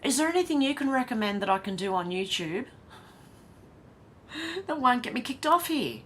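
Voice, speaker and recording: A woman's voice: high-pitched, big pitch swings, normal speed, fairly bright tone, a little hiss or hum. An Australian woman hosting a casual live stream, reading viewer comments aloud, chatty and blunt, laughing often and swearing.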